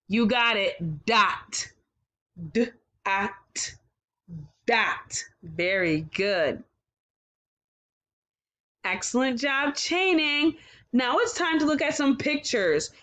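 Woman, kindergarten teacher, phonics lesson, fairly high voice, slow and patient, encouraging. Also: a bit bright. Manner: slow, encouraging, sounds out letters. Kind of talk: phonics lesson for young children.

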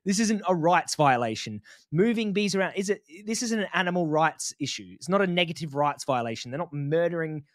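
A man's voice: fairly high pitch, brisk, no room sound. Blunt, mocking man with a dry close sound. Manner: blunt, mocking, animated, says "mate" often. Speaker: vegan activist commentator. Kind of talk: casual reaction commentary.

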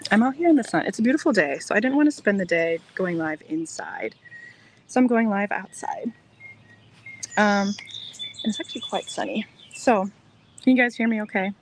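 Soft-spoken woman livestreaming outdoors. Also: medium pitch, big pitch swings, normal speed, pauses often, a little hiss or hum. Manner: chatty, reassuring, rambling. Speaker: crochet designer hosting a livestream. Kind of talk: casual livestream chat. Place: outdoors in the sun. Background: birds chirping.

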